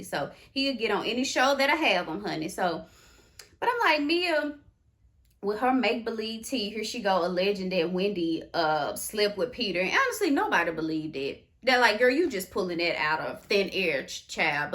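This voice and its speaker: A woman giving casual, sassy commentary on a reality TV show, expressive and exclamatory. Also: mid-range voice. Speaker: reality TV recap vlogger.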